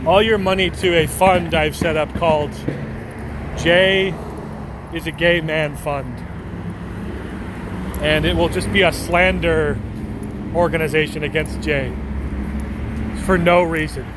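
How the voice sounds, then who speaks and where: A man's voice: on the high side, fairly even intonation, takes it slowly, pauses often. Rambling, joking man streaming outdoors. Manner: rambling, joking, often breaking into laughter. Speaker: IRL livestreamer. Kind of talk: casual live-stream chat, answering viewer messages. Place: outdoors on a city street at night. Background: faint traffic and street ambience.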